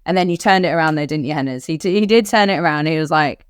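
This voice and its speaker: A woman in her thirties with an Australian accent, telling a personal story on a podcast in candid, animated chat and acting out the voices of others. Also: low-pitched, fast, clear, resonant tone, no room sound, studio quality. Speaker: podcast co-host.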